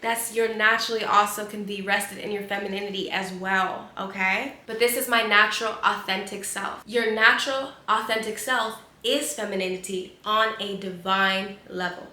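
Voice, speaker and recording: A woman's voice: medium pitch, steady tone, moderate pace, hardly any pauses, bright, forceful tone, roomy sound. A woman spiritual coach giving an emphatic, preachy motivational talk with lots of repeated phrasing.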